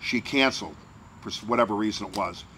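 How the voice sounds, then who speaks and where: A man who works as a morning radio DJ, telling an animated backstage story and acting out the people in it. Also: on the low side, fast talker, slight background noise. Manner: animated storyteller, acts out quotes.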